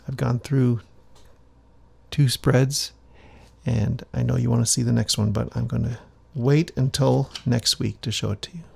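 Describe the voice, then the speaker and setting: Gravelly male narrator, mid pitch, relaxed commentary while reading a comic aloud. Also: measured pace. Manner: relaxed, musing asides. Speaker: comic author and reader.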